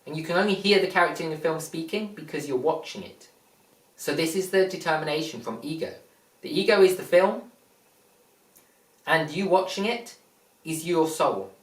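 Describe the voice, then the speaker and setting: A man giving a slow, repetitive spiritual talk, explaining and asking rhetorical questions. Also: a little high, expressive. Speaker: spiritual teacher. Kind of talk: teaching monologue. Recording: roomy, distant mic.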